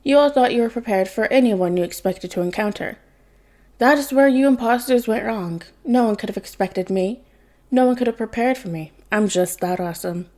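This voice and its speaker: A smug, teasing young vigilante who loves an audience and savors every reveal, as a woman reads him. The voice is mellow and soft-edged, with a theatrical, mocking manner in a story reading. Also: fairly high pitch, moderate pace, natural voice. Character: cocky young man posing as Batman.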